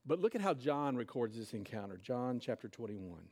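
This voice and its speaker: A man's voice: mid-range voice, sing-song, moderate pace, a little mellow, husky. A man preaching a sermon, retelling a scripture story in casual, conversational words. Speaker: pastor.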